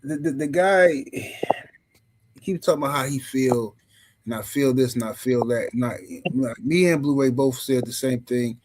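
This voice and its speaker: A man hosting a podcast, telling stories in an animated way and swearing freely. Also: medium pitch, normal speed, a little hiss or hum, rough recording. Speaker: podcast host. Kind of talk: podcast commentary.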